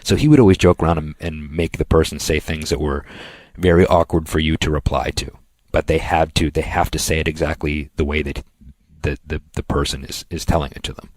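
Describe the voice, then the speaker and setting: A man co-hosting a podcast, telling long rambling anecdotes in a casual chat and slipping into quick impressions of other people. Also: extremely low pitch, fairly even intonation, dry recording. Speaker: podcast co-host.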